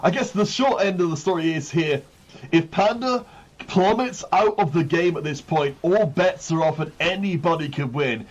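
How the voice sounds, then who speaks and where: A man commentating a live esports tournament as the host caster. His voice sits a little high with a slightly husky edge. He walks through the standings methodically and then surges with hype at decisive moments. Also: normal speed, muffled recording. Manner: excitable, builds hype on big moments.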